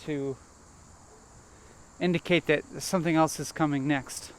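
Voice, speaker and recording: A man vlogging as he walks a nature trail, thinking aloud in a halting, hesitant way and repeating words. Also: fairly high pitch, steady tone. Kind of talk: rambling self-reflective monologue while walking. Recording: faint outdoor noise.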